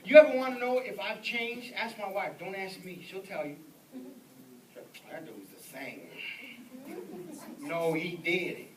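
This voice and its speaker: A male evangelist preaching with a story, animated, breaking into shouts and acting out voices. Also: sits high, measured pace, long pauses, noisy background. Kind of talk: storytelling sermon. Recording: echoey church sound from a distance.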